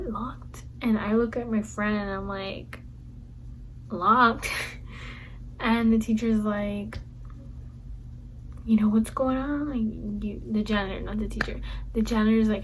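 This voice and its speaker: A woman's voice: mid-range voice, poor audio. A young woman vlogger telling a rambling school story in casual storytime style, repeating herself as she goes. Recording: faint background noise.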